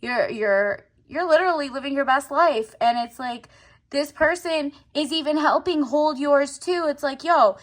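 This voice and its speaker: A woman's voice: sits high, normal speed. A woman giving a casual, slangy tarot reading to her viewers, often acting out their thoughts in quotes. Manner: chatty, slangy, acts out the viewer's inner voice. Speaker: tarot reader.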